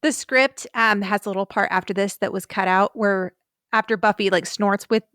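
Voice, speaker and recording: A woman's voice: mid-range voice, moderate pace, dry recording. Chatty woman podcaster, dry close sound. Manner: animated retelling, lots of "like". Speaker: podcast co-host. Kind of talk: casual podcast chat.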